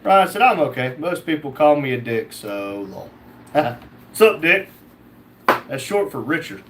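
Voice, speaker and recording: A man's voice: on the high side, big pitch swings, measured pace, a bit bright, a little hiss or hum. A man hosting a casual livestream, reading out chat comments and joking back.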